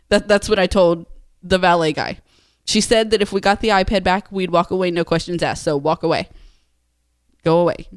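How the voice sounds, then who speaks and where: With a mid-range voice at a normal speed, a woman co-hosting a podcast tells a story casually, full of laughter and acted-out quotes. It's studio-quality audio with no room sound.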